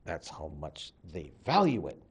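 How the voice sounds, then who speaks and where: Animated male professor telling a legend. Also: low-pitched, a little slow, breathy edge. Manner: chatty, animated, acts out voices. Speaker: college literature professor. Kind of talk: storytelling lecture.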